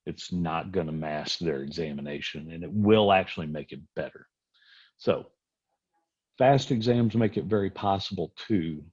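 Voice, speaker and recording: A man's voice: deep voice, moderate pace, darkish tone, husky. A middle-aged man, a physician giving a conversational medical lecture and acting out dialogue in his stories. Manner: storytelling, acts out dialogue in anecdotes. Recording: dull lo-fi audio.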